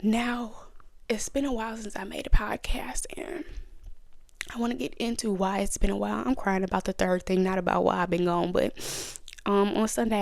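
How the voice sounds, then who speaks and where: Chatty woman with a gravelly fry. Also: medium pitch, dry recording. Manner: chatty, conversational storytelling. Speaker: podcast host. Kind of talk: casual testimony and Bible study talk.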